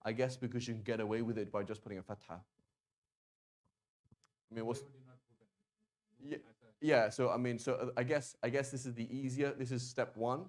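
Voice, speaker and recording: A man's voice: medium pitch, fairly even intonation. Casual male teacher sounding out words. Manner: casual, conversational, with many fillers and restarts; sounds out words slowly to demonstrate pronunciation. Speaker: Arabic teacher. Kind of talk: classroom lesson.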